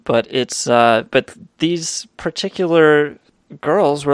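A man's voice: a little high, slow, clear, resonant tone, no room sound, clean studio sound. A man telling a rambling street story to his stream chat, swearing a lot and restarting his sentences. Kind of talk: casual storytelling, profane.

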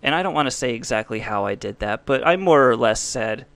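A man's voice: mid-range voice, expressive, brisk, gravelly, fairly bright tone, no room sound. Guy rambling on his podcast, jokey but heartfelt, dry close sound. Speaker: podcast host. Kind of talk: casual podcast monologue.

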